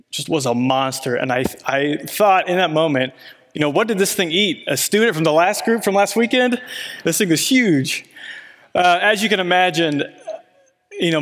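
A man giving a sermon in a church, telling a story in a relaxed way with many "you know" fillers. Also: fairly high pitch. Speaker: preacher. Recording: long reverb in a large hall.

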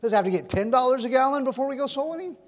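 High-voiced preaching man in a reverberant hall. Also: lively intonation, racing. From California. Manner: folksy preaching with stories and rhetorical questions. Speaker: pastor. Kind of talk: sermon.

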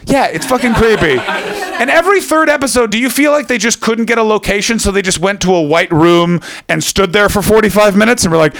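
Profane, animated male stand-up comedian. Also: high-pitched, gravelly, no echo. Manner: rapid, profane, animated ranting. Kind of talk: live stand-up with crowd work. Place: comedy venue in Scotland. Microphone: stage microphone.

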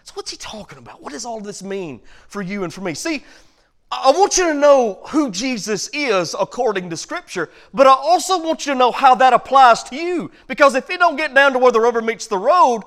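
Man preaching, very high voice, quiet stretches rising to loud emphatic lines. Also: expressive, brisk. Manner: builds from low quiet passages to loud emphatic points. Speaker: pastor. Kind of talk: sermon.

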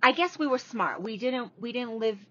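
A woman's voice: a little high, lively intonation, normal speed, bright, forceful tone. A woman co-hosting a podcast from inside a parked car, chatting bluntly and casually with a bit of swearing. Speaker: podcast co-host, salon owner. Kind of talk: casual chat. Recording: dull lo-fi sound, faint background noise.

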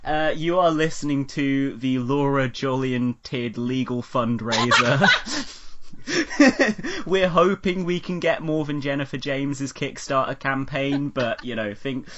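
A man's voice: mid-range voice, unhurried, fairly bright tone. Wry man co-hosting a podcast. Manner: wry, joking. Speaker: podcast co-host. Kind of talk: casual chat. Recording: slightly dull, lo-fi sound.

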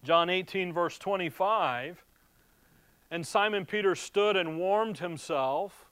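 A man with a high, clear and resonant voice leads a verse-by-verse Bible teaching. He reads the old scripture aloud and then breaks it down in loose, conversational asides. The recording is close and dry, with no room sound. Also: slow, fairly bright tone, dry recording.

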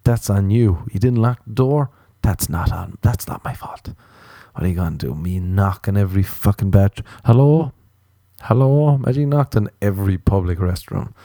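Hoarse-sounding Irish man telling comic stories. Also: sits low, moderate pace, warm tone, dry recording, clean studio sound. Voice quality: sounds sick, slightly hoarse. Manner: rambling, swearing, acts out dialogue. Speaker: comedian. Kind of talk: comic storytelling.

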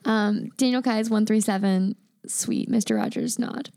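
A woman's voice: medium pitch, moderate pace, dark tone, no echo, studio quality. A woman co-hosting a podcast in casual chat, affirming her co-host and reading listener stories aloud.

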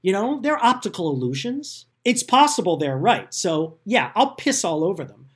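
A man's voice: high-pitched, very animated, normal speed, breathy edge. A man hosting a podcast, talking in a casual, sarcastic and self-deprecating way about politics. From United States. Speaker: podcast host.

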